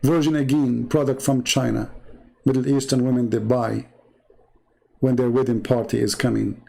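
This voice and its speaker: A man's voice: medium pitch, flat delivery, normal speed, creaky, warm tone. A man hosting a religious debate show, delivering a polemical monologue in a mocking, emphatic way, full of rhetorical questions and repetition for effect.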